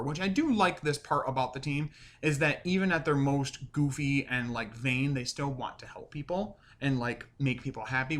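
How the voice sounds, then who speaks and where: Chatty man recapping a show. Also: mid-range voice. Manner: chatty, rambling with many "like" and "um" fillers; animated, acts out quoted lines. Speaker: show reviewer. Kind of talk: casual episode recap.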